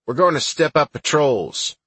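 A man voicing a gruff, blunt older army sergeant in an audiobook, with a husky voice. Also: on the high side, animated, a little slow, fairly bright tone, dry recording, pitched above the performer's own voice, heavily acted.

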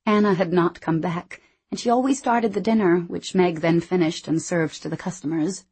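Woman, audiobook narrator, breathy voice, measured, expressive. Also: fairly low pitch. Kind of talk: first-person scripted narration.

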